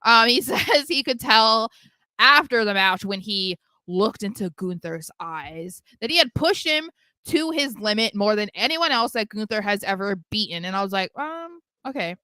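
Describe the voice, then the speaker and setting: A young woman talks through last night's wrestling in casual podcast chat. Her voice is bright and smooth, with sarcastic little asides, recorded close and dry. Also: medium pitch, expressive, moderate pace, dry recording. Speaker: podcast co-host.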